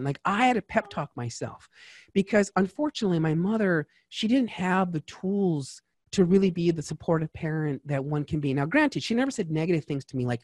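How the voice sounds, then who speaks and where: A man talking as a tax strategist guest in a casual interview, lively and chatty with lots of asides. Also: a little high, fairly quick, no room sound, studio quality.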